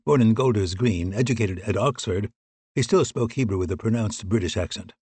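A man reading a thriller audiobook in scripted narration, steady and even. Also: on the low side, brisk, husky, no room sound.

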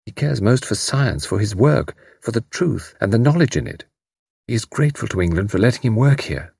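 A man reading aloud, voicing an intense, grieving young woman who speaks quietly and earnestly. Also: lowish voice, fairly quick, gravelly, breathy edge, no room sound, studio quality, heavily acted. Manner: quiet, flat, then pleading.

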